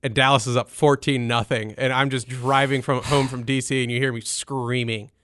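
Man, casual sports talk, profane, animated, mid-pitched, dry close sound. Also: normal speed, dry recording. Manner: profane, animated, mock-dramatic. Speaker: podcast co-host.

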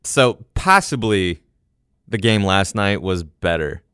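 A man co-hosting a podcast, talking sports casually, relaxed and rambling with fillers and quick laughs. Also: sits low, smooth, no echo, clean studio sound. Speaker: podcast co-host.

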